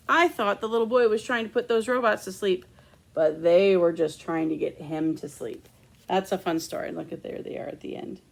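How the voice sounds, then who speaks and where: A woman, a children's librarian, reading a picture book aloud with expressive asides to children. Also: fairly high pitch, creaky.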